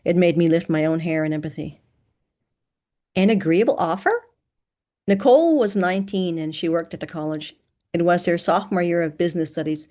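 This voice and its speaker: A woman narrating a first-person novel in an even, measured reading voice. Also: on the low side. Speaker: audiobook narrator.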